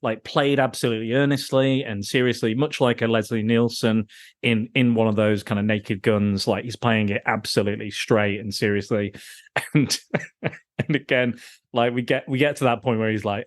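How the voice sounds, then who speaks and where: Laughing, animated man. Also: mid-range voice, normal speed. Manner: animated, acts out quotes with laughter. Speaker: podcast guest. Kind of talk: casual film chat.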